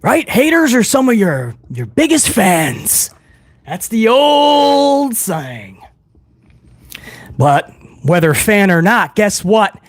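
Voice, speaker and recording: A man hosting a wrestling news talk show, animated and profane, rambling through his points. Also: high voice, takes it slowly, no echo. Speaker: host.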